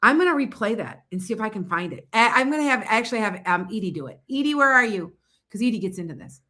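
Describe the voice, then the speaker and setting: A woman hosts a casual psychic livestream from her home. She talks fast and rambles in an animated way as she chats with viewers. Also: medium pitch. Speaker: psychic reader hosting a livestream.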